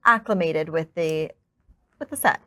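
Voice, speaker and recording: A woman's voice: deep voice, a little slow, a bit bright. A woman hosting a podcast, chatting in an upbeat, rambling way with fillers. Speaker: podcast host. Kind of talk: casual podcast chat.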